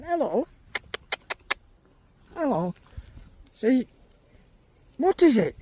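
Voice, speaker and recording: A man's voice: very high voice, lively intonation, takes it slowly, long pauses, dark tone, no room sound. A man, vlogging outdoors in a field, chatting casually to his viewers and his animals. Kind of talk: casual vlog chat.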